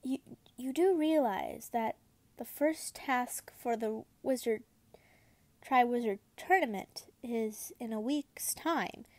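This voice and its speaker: A woman's voice: on the high side, slow, darkish tone, no echo. A woman reading the lines of a stern, sneering wizard father who scolds his son, in a close, dry voice.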